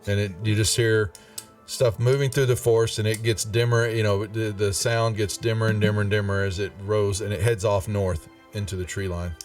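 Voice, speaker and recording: A man's voice: fairly low pitch, little pitch movement, normal speed, far from the mic. Man, dungeon master, laid-back drawl, sits back from the mic, faint music under him. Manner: casual, drawling, many fillers. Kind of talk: narrating a tabletop game.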